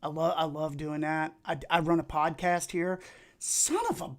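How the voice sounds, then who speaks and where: A middle-aged man with an Appalachian accent, chatting casually and excitably while streaming video games and telling rambling stories. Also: fairly high pitch, normal speed. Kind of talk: casual live-stream chat while gaming.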